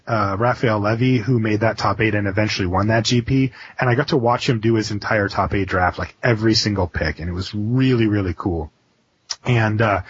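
A man with a slightly husky voice, talking excitedly and rambling, with many restarts and fillers. He sounds like a guest on a casual interview podcast. The audio is muffled and lo-fi. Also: medium pitch.

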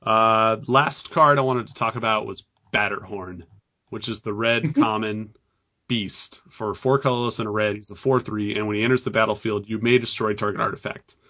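A man's voice: on the low side, fairly even intonation, normal speed, pushed and bright. A man co-hosting a casual podcast, leading the discussion and reading out card details. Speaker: podcast co-host. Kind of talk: casual chat. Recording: dull lo-fi sound.

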